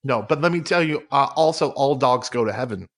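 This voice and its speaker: Male comedy co-host, animated swooping pitch, playful mock-serious delivery. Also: brisk. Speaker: podcast co-host. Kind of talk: comedic podcast banter.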